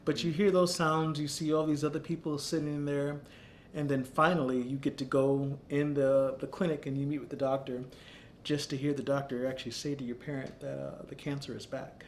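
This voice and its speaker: A man in his thirties, founder of an arts center, telling a personal story in an earnest, reflective, measured way. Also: medium pitch, flat delivery, slight background noise.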